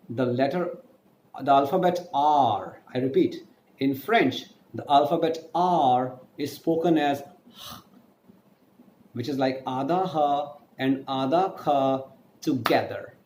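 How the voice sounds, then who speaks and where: A man's voice: medium pitch, takes it slowly, a little mellow, a little hiss or hum. A man with an Indian English accent giving a French lesson. He repeats key points and spells words out letter by letter. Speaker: French teacher. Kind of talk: online language lesson. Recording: echoey room.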